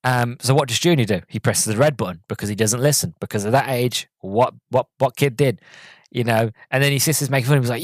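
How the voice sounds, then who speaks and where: A man in his twenties hosts his own podcast, chatting through a film review on his own. He rambles eagerly and leans on fillers as he goes, in a middle-pitched voice. The sound is dry, with no room around it. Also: brisk, dry recording. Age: 20s. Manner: rambling and enthusiastic, heavy on fillers. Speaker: podcast host. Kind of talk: casual solo film review.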